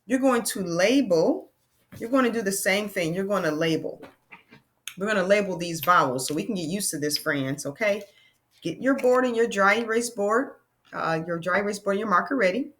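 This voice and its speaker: A woman with a mid-range, slightly bright voice gives a lesson to young kids. She addresses them as friends, encourages them patiently, and slows down to spell out sounds.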